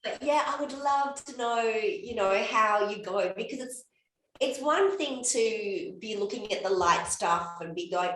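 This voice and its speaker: Fiftysomething woman chatting on a podcast, kinda high voice, lively, acts stuff out, echoey room. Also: measured pace. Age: 50s. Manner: animated, swearing, acts out child and mother voices. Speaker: podcast co-host and coach. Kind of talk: casual podcast chat.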